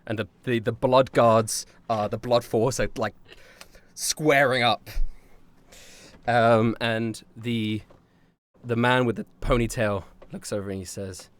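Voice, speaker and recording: A man's voice: mid-range voice, fairly even intonation, a little slow. A man running a tabletop game as dungeon master, narrating loosely with lots of fillers and laughter.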